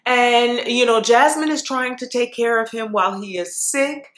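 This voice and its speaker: Woman vlogger talking fast and animated, lots of side stories, roomy echo. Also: a little high. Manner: chatty, animated storytelling with asides. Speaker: reality TV recap vlogger. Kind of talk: casual chat.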